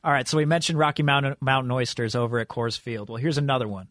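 A man's voice: mid-range voice, fairly even intonation, fast, fairly bright tone, no room sound, studio quality. A man hosting a sports radio show, quizzing his co-host in a playful, upbeat way.

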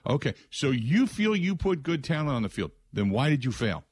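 Male sports radio host, animated rhetorical monologue, close dry studio mic. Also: medium pitch, moderate pace, hardly any pauses, slightly rough, no echo. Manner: animated and rhetorical, mocking the answers he expects.

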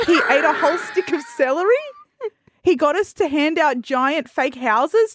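A young woman co-hosts a podcast in a casual chat, telling a story with dramatic flair and acting out her own panic. Her voice sits fairly high and sounds close and dry, with no room around it. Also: normal speed, a bit bright, no echo. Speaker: podcast co-host.

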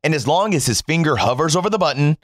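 A man's voice: fairly high pitch, lively intonation, fast talker, fairly bright tone, dry recording, studio quality. A man from the United States delivering a sarcastic, profane opinion monologue as a political commentator.

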